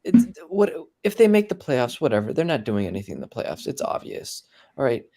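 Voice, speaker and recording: A man's voice: medium pitch, very animated, a little fast, mellow. A man co-hosting a casual sports talk show, blunt and emphatic. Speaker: podcast co-host.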